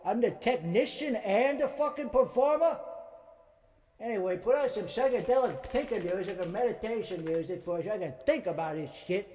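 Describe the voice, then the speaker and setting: A man's voice: high-pitched, animated, moderate pace, darkish tone. A man rambling through a profane, mock-boastful comedic monologue, a bit winded and out of breath. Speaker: comedic streamer.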